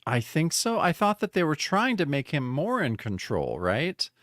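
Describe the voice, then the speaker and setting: Man, podcast co-host, animated pitch, swears casually, acts out comic panels, dry close mic. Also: normal speed, no room sound. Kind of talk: casual comic book discussion.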